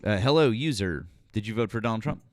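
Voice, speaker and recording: On a dry recording, a man with a fairly low, expressive voice talks fast as he hosts a political livestream. He gives grateful shout-outs to donors one by one, then turns blunt and profane while arguing with a caller.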